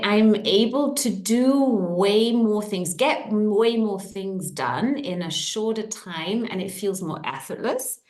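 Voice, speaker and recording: A middle-aged woman tells stories to her online group in a casual, animated way. Her pitch swings widely as she talks. The room around her gives the voice a clear echo. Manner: lively storytelling with quick pitch jumps. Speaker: coach.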